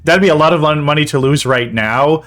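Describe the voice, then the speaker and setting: A man's voice: on the high side, fairly quick, a bit bright. Pun-loving male podcast host. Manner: rambling, pun-loving, laughs at his own jokes. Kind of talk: casual movie-review chat.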